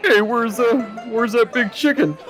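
A man voicing a rowdy drunk male barfly with a loud, cackling manner. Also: extremely high pitch, measured pace, faint music behind, pitched above the performer's own voice.

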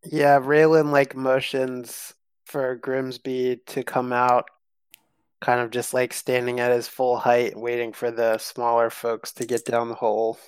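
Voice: mid-range voice, completely flat delivery, measured pace, clear, resonant tone, no room sound. A player casually describing what their character does. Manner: narrates own character's actions. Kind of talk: casual tabletop play.

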